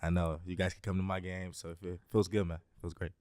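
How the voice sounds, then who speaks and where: A young man in his twenties from Greece, speaking with an American accent as a guest in a casual interview, laid-back and filling pauses with "um" and "like". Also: deep voice, level tone, darkish tone, dry recording, clean studio sound. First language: Greek. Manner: laid-back, many fillers like "um" and "like". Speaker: guest, basketball player.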